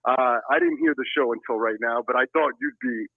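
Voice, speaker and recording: A man's voice: medium pitch, fairly even intonation, brisk, dry recording. Male caller over a tinny phone line. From Pennsylvania. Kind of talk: phone-in sports chat.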